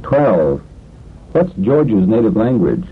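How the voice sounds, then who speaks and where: A man reading a scripted language drill slowly and deliberately, as a course instructor, on a tinny lo-fi lesson tape. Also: lowish voice, very animated, breathy edge.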